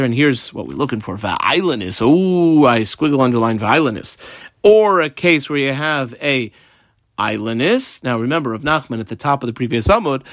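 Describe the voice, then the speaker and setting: A man teaching a Talmud page line by line, in a lively, sing-song study cadence. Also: mid-range voice, no echo, clean studio sound. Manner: explains line by line, mixing Hebrew and Aramaic terms. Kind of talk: Talmud lesson walkthrough.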